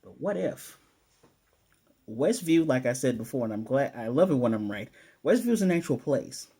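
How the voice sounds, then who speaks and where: A man reviewing a TV episode in a casual spoiler recap, rambling with lots of fillers and self-corrections and getting animated over his theories. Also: medium pitch, moderate pace, husky.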